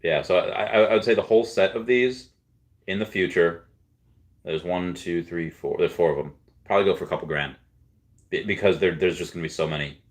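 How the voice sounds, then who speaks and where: A man's voice: sits low, a little fast. A man hosting a casual livestream, rambling and reading viewer comments aloud. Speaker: livestream host.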